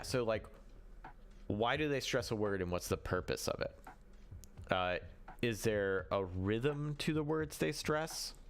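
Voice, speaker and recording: Male stream host with a low voice; loose, chatty, self-correcting delivery. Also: gravelly, fairly bright tone, a little hiss or hum. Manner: rambling, with frequent restarts and self-corrections; answers viewer chat as he goes. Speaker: livestream host. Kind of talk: casual livestream talk on running games.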